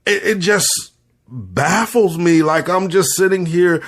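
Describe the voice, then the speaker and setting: A man's voice: sits high, expressive, slow pace, a bit bright. A man speaking as a podcast host and spiritual leader, giving earnest, preacherly commentary, repeating phrases for emphasis and holding back tears. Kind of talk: impassioned spoken commentary.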